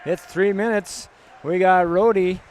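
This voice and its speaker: A Canadian man doing casual joking play-by-play of a youth hockey game, chatty and quick to laugh at himself. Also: high-pitched, fairly even intonation, darkish tone. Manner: chatty, laughing, self-mocking. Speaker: amateur hockey commentator.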